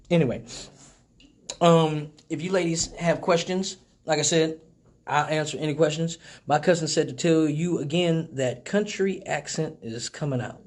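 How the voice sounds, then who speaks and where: A man's voice: a little high, moderate pace, darkish tone. A man hosting a casual live stream, talking loosely and profanely, joking with viewers. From Michigan.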